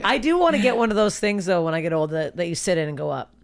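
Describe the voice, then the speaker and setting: A woman's voice: lowish voice, very animated, fast talker, creaky, crowd noise. A woman from Canada, a guest comedian, talking bluntly and crudely with frequent laughs. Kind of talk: casual comedic chat.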